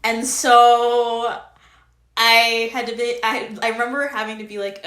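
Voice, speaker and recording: A woman's voice: a little high, moderate pace, roomy sound. A woman guest on a podcast, telling stories in casual chat and laughing as she talks. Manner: animated storyteller, laughs mid-sentence.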